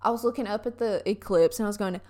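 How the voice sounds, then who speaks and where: A woman's voice: mid-range voice, quick pace, a little mellow. A young woman with a Southern US accent, chatting casually in a vlog and telling stories with lots of fillers.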